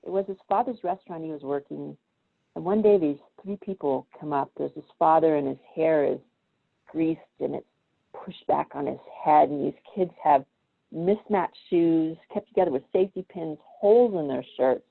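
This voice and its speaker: With a deep voice, vocal fry, and a moderate pace, a woman guest shares stories in easygoing chat, lively as she acts out the people's voices. The sound is tinny, phone-like video-call audio.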